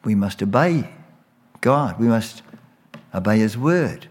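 A man preaching a sermon as a pastor, slow and emphatic, repeating phrases for weight. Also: fairly low pitch, animated, long reverb tail.

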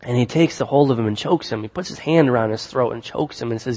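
Joking preacher in a reverberant hall. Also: male voice, medium pitch, fast talker, darkish tone. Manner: conversational, jokes and self-corrects. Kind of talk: sermon.

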